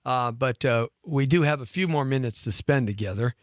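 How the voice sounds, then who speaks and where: A man in his fifties telling a long personal story on a talk show, lively and chatty, laughing between lines and often restarting his sentences. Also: medium pitch, moderate pace, no echo, clean studio sound. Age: 50s.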